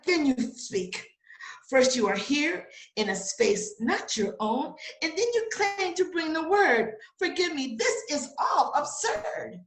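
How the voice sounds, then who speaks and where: A woman's voice: sits high, big pitch swings, unhurried, a little hiss or hum. A woman playing a man indignant at a snake in his garden, blustering in theatrical rhyming outbursts, in an audio theater play. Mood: incredulous. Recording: roomy echo.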